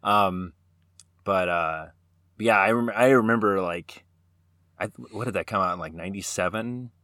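A man's voice: low voice, normal speed, bright, forceful tone, no echo, studio quality. A man co-hosting a podcast, chatting casually about films, laughing easily and restarting his sentences. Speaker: podcast co-host. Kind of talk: casual film discussion.

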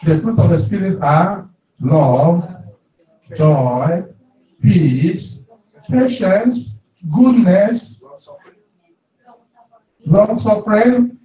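A man's voice: sits high, expressive, extremely slow, long pauses. Echoey preaching man from far off. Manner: preaching with call-and-response, repeating phrases. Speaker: pastor. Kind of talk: sermon. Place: church hall. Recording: echoey hall, distant, phone-like.

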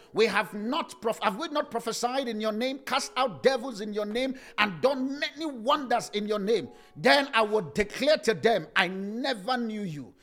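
A man preaching a sermon with passion, swinging into sing-song cadences and rising to shouts. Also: sits high.

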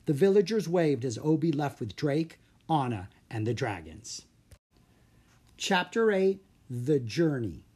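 Expressive, breathy audiobook narrator. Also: mid-range voice, measured pace. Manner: expressive storytelling. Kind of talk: children's book narration.

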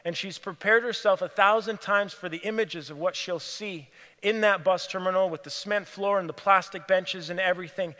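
A man preaching a sermon, telling a story in an earnest way and often dropping to a hushed, near-whispered voice. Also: sits high, normal speed, few pauses. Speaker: pastor. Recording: long hall reverb.

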